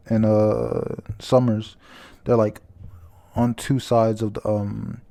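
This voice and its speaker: A man's voice: fairly low pitch, mellow. A man casually reviewing a manga chapter, rambling with lots of fillers and stopping to reread lines. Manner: rambling, many fillers, reads quotes aloud, stumbles and restarts.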